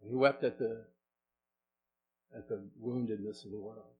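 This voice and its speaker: A middle-aged man, a pastor, preaching a sermon in a conversational way, asking the congregation questions and moving between soft and loud delivery. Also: lowish voice, fairly even intonation, moderate pace, narrow, tinny audio, a little hiss or hum.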